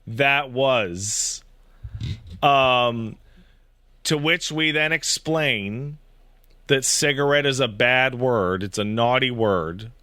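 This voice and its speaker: A man in his thirties, a podcast co-host, telling a family story in casual chat, animated and swearing freely. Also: medium pitch, slow, no echo.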